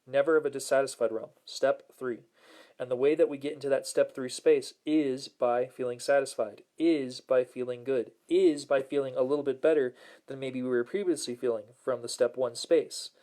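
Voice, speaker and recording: A man hosting a motivational self-help talk, upbeat and earnest, repeating key phrases and slowing down to stress his points. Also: medium pitch, fairly even intonation, dark tone. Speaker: host and self-help coach.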